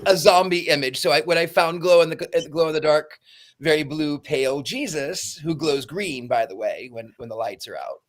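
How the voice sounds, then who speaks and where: A man's voice: fairly high pitch, moderate pace. A man co-hosting a casual podcast chat, playful and teasing. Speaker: podcast co-host.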